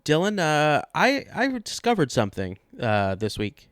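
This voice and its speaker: A man co-hosts a sports podcast with dry, deadpan comedy, laying out absurd ideas as if they were serious. The sound is dry and close, with no room around it. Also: a little high, measured pace, smooth, dry recording. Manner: deadpan, mock-serious delivery. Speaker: podcast co-host.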